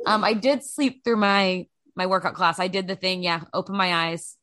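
A woman's voice: fairly low pitch, fairly even intonation, normal speed, pushed and bright, no echo. Woman, young adult, podcast co-host, casual chat, rambling, self-mocking, dry close sound.

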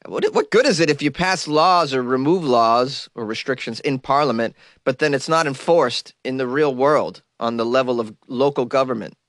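A man's voice: medium pitch, moderate pace, hardly any pauses, a bit bright, no echo, clean studio sound. A man with a cold reading news items aloud and mocking them in wry comic commentary. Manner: wry, mocking asides between read-outs. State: has a cold. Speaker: host.

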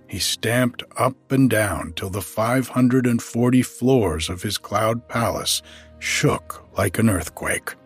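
A slow, husky man reads a storybook aloud in a low voice. Faint music plays behind him. He takes his time and speaks to the listener directly. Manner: gentle, unhurried, addresses the listener. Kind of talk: storybook narration.

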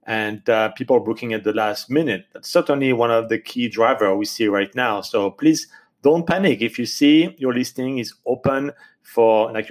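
A man with a French accent, a podcast host speaking in English, earnestly urging listeners and filling pauses with many ums and uhs. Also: mid-range voice. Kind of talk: advice podcast talk.

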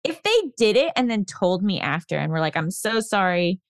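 A woman co-hosting a chatty podcast, her mid-pitched voice rising and falling expressively as she moves the show along. The sound is close and dry. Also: big pitch swings, normal speed, no echo. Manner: upbeat, runs the segments, reads listener questions. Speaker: podcast co-host. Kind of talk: casual chat.

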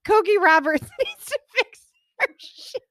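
A woman co-hosting a casual chat, teasing and quick to laugh. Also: very high-pitched, sing-song, fairly bright tone. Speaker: podcast co-host.

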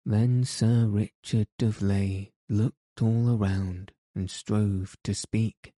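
A male narrator reads an old storybook tale at an unhurried, deliberate pace. His voice sits low and sounds dark and mellow. The recording is dry and close, with no room sound. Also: dry recording. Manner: slow, measured, even reading. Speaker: audiobook narrator. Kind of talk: storybook reading of a classic tale.

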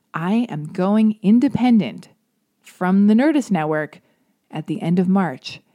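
A woman's voice: mid-range voice, a little mellow. Bubbly caffeinated woman podcast host. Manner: bubbly, rambling, self-described Valley girl. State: highly caffeinated. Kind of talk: casual podcast intro.

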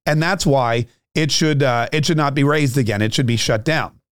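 A man's voice: medium pitch, moderate pace, clear, resonant tone, dry recording, studio quality. A man hosting a podcast, delivering a ranting, sarcastic political commentary monologue. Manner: ranting, sarcastic, repeats words.

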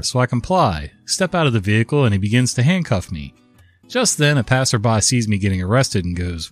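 A man in his fifties narrates a story in a casual, conversational way, worn out from a recent cold. His voice is low and lively, and the sound is dry and close. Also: no echo. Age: 50s.

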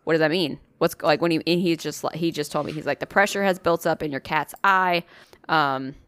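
Low-voiced woman telling a foul-mouthed story. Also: steady tone, a little fast, fairly bright tone, clear, resonant tone, no room sound. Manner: swearing freely, acts out quoted voices. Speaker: podcast co-host. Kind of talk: casual chat storytelling.

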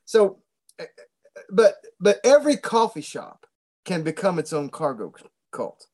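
High-voiced pastor, earnest. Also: male voice, sing-song, measured pace, a little mellow. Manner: earnest, preacherly, repeats words. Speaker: pastor and guest interviewer. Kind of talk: casual conversation.

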